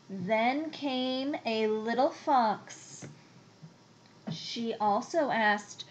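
A woman reading a children's storybook aloud in a gentle, unhurried way. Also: on the high side, slight background noise.

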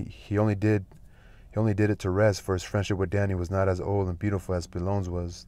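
A man reading a novel aloud at a steady, unhurried pace, with occasional slips and restarts. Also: sits low. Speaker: audiobook reader.

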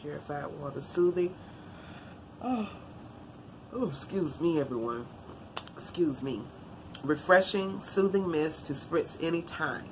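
A woman's voice: low voice, measured pace, long pauses, noisy background. A woman vlogger chatting casually while unboxing gifts, a bit congested and tiring easily. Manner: chatty, animated, Southern-style "y'all" talk.

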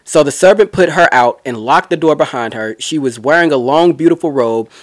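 A man's voice: fairly high pitch, brisk, no room sound, clean studio sound. A man giving a casual Bible teaching, retelling scripture in a chatty, slangy way with asides.

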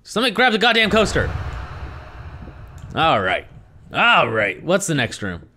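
A young man commenting on a horror game he is playing, sarcastic and swearing, jumping between low mutters and startled yelps. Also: huge pitch swings, unhurried, pushed and bright, slight background noise. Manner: jumpy, sarcastic and profane, swinging from muttering to yelps. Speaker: gaming video host. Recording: faint music behind the voice.

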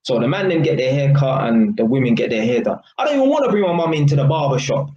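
A man's voice: medium pitch, very animated, fast talker, darkish tone, highs cut off. A young man with a London accent, ranting casually to camera in street slang. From England. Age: young adult. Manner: heated street slang, repeats "innit". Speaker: vlogger. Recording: echoey room with faint ambience.

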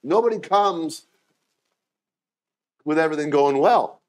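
Animated preacher man. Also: unhurried. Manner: animated storytelling, acting out quotes with sudden pitch jumps. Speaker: pastor. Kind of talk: sermon.

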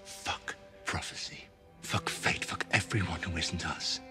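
A fierce knight in a TV drama, defiant and devoted, speaking in a very deep, rough half-whisper. Music plays clearly behind him. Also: male voice, fairly even intonation, measured pace. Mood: intense.

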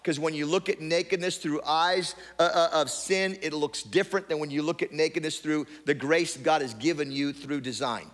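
Man preaching with a high, ringing voice. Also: fairly even intonation, normal speed, few pauses, a bit bright. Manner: repetitive restarts, conversational preaching. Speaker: pastor. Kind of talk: sermon. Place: church sanctuary. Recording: long hall reverb.

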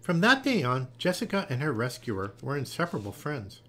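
A man gently and expressively reading a children's picture book aloud. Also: mid-range voice, very animated, brisk. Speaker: storyteller.

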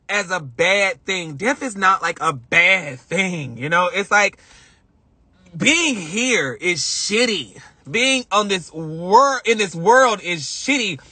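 A woman's voice: mid-range voice, sharp tone, slightly rough, dry recording. A young woman hosting a live stream, telling a personal story in an emotional, rambling way and often repeating herself. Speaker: livestream host.

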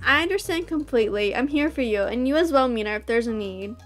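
A woman reading the lines of a courteous young male wedding planner in a visual novel, in a measured, formal manner. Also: fairly high pitch, expressive, a bit bright, soft background music. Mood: polite.

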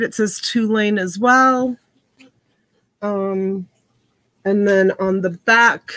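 In a dry recording, a woman in her 50s casually auctions goods on a live stream from home, naming viewers as she calls out their bids. Her voice is medium in pitch.

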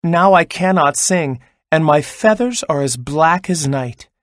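A man's voice: fairly high pitch, lively intonation, a little slow, no room sound, studio quality. A man voicing a brave male crow in a children's storybook read-aloud, speaking earnestly and pleadingly. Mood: sad.

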